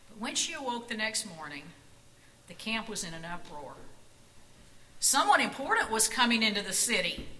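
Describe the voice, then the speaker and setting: A woman reads a children's Bible story aloud at a slow, unhurried pace. Her voice is bright and clear and sits a little high, and her reading is expressive. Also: low-quality recording.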